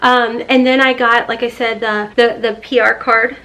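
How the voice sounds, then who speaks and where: A woman's voice: fairly high pitch, little pitch movement, moderate pace, bright, forceful tone, a little hiss or hum. A woman in her thirties chatting bubbly and rambling in a beauty unboxing vlog, now and then cooing baby talk to her cat. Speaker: beauty vlogger.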